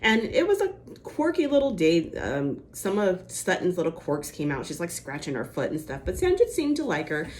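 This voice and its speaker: A woman's voice: fairly low pitch, wildly swooping pitch, normal speed, few pauses, a little hiss or hum. A woman giving a casual, chatty recap of a TV episode, full of "like" and "you know" and acting out the quotes. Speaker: reality TV recap host.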